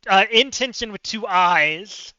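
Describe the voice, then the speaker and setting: Here he takes his time, musing aloud and mocking himself as he tackles word puzzles on stream. The voice is high, piercing and very bright, yet smooth and clean, close-miked and dry with no room sound, on somewhat dull, lo-fi audio.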